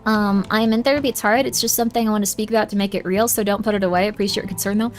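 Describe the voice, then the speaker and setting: A woman's voice: mid-range voice, fairly even intonation, very fast, soft background music. A young woman streaming a game, giving viewers motherly advice in a put-on southern drawl and calling them honey. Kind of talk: casual livestream chat.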